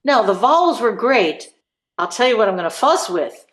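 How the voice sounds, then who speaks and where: A woman's voice: on the high side, sing-song, normal speed, a bit bright, echoey room. A woman voice teacher coaching students through vowel exercises, encouraging them and singing examples. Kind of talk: live group voice lesson.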